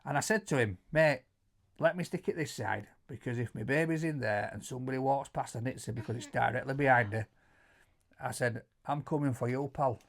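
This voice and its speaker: A middle-aged man with a Yorkshire accent telling stories in casual chat, animated, stumbling over repeated words and loudly acting out quotes. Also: medium pitch, a little fast, creaky. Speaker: co-host answering viewer questions.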